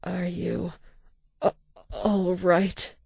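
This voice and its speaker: A woman voicing a weak, wounded man, husky and halting. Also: lowish voice, monotone, a little mellow, no echo, muffled recording, heavily acted. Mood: weak, strained. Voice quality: husky and gravelly. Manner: weak, halting, breathless speech with stammered words. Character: badly wounded man fighting to stay conscious. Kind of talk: audiobook reading.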